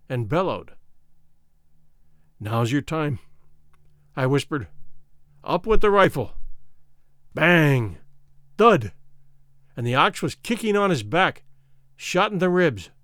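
Male audiobook narrator, slightly high, very animated, dry close recording. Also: no echo. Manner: lively, dramatic storytelling with an old-fashioned formal tone. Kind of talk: expressive scripted narration of a classic adventure novel.

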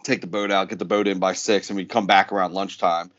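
A man's voice: sits low, little pitch movement, fast talker, a bit bright, muffled recording. A man co-hosting a podcast, telling a story in casual, profane chat and laughing as he goes. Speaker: podcast co-host.

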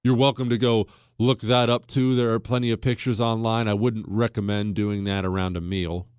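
An American man hosting a casual history talk, folksy and emphatic, with his pitch and pace swinging widely as he makes a point. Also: flat delivery, moderate pace, clear, resonant tone, no room sound, clean studio sound. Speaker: podcast host.

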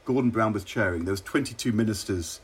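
Man, middle-aged, husky, lowish voice, measured and wry, interview anecdotes. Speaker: former government minister.

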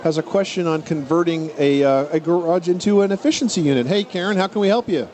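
A middle-aged man hosting a radio call-in advice show, explaining home repairs in a brisk, knowledgeable way. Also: on the high side, a little mellow.

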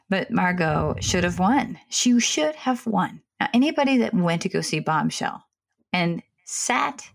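Opinionated woman with a gravelly low voice. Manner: opinionated, apologetic, rambling with restarts. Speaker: podcast co-host. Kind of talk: casual chat.

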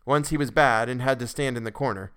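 A man narrating a classic story for a podcast in a measured way, with occasional restarts. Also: medium pitch, a bit bright, clear, resonant tone.

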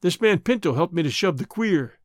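A man reading an audiobook, voicing a bold, calm young outlaw who gives quick, cool replies. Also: high-pitched, no echo, clean studio sound. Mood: confiding.

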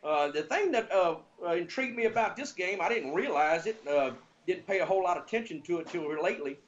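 A man with a Southern American accent giving betting lines in casual sports talk, halting with many fillers. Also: high-pitched, lively intonation, lo-fi sound.

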